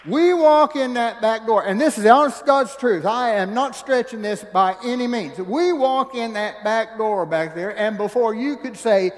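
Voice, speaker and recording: A high-pitched male preacher delivers a sermon in folksy storytelling fashion. He drops to hushed asides and then rises to booming exclamations. His voice rings with the long reverb of a church hall. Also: animated, measured pace, few pauses. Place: church sanctuary.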